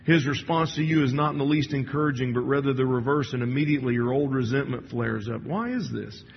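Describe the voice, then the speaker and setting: In a church hall, a man gives a sermon that includes read passages, talking loosely and conversationally with plenty of restarts and fillers. His pitch is ordinary for a man, his voice creaky, and he talks fast; the audio is muffled, with a long hall echo and faint hiss.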